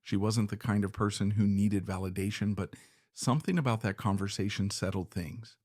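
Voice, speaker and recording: A man reading scripted story narration in a steady, reflective way. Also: lowish voice, normal speed, no room sound, studio quality.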